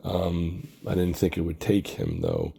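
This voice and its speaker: A man hosting his own channel, talking in a halting, grieving way with many fillers. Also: low voice, sing-song, vocal fry, dark tone, breathy edge. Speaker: comic artist and director, channel host. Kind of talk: personal tribute vlog.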